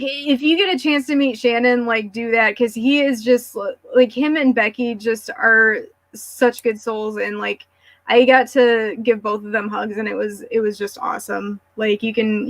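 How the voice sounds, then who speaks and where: A woman guest in a casual chat, gushing warmly about people she met and filling her talk with "like". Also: medium pitch, little pitch movement, moderate pace, creaky, no room sound. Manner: gushing, filler-heavy with frequent "like".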